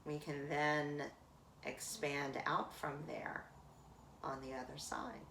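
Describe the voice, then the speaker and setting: A woman leading a guided breathing meditation in calm, drawn-out phrases with long pauses. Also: low voice, slight background noise. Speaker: meditation teacher. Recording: roomy echo from a distant mic.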